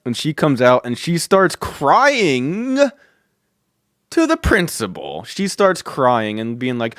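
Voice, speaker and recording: A man's voice: a little high, sing-song, takes it slowly, fairly bright tone, dry recording, studio quality. A man hosting a podcast who tells a story in a casual way, with many fillers and free swearing. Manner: chuckling, swears freely, filler-heavy. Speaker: podcast host.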